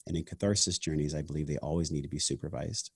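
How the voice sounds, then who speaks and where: A fast-talking man with a very deep, steady, creaky and husky voice hosts a podcast recorded in a clean studio with no room sound. Half Sicilian by family heritage, he keeps the conversation casual, earnest and reflective, often using "man" and "like".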